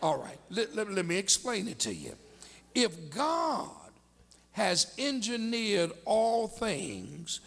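A man preaching a sermon in a church, moving between slow teaching and shouted declarations and calling on the congregation to respond. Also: sits high, big pitch swings, gravelly. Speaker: pastor. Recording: long hall reverb.

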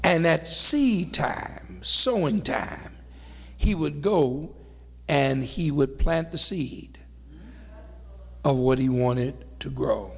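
A middle-aged man preaching a sermon, rising to shouts and then dropping low, with call-and-response phrasing. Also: animated, drawn-out words, vocal fry, breathy edge, big-room sound.

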